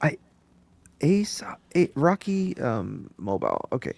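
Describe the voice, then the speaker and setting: A man's voice: mid-range voice, huge pitch swings, takes it slowly, gravelly, a little mellow, no echo. A man hosting a podcast, chatting casually, joking, and reading out viewer tips. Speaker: podcast host. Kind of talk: casual chat.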